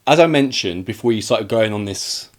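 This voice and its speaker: A man co-hosting a casual film review, retelling scenes in an animated way and acting out the quoted lines. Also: lowish voice, normal speed. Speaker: podcast co-host reviewing films.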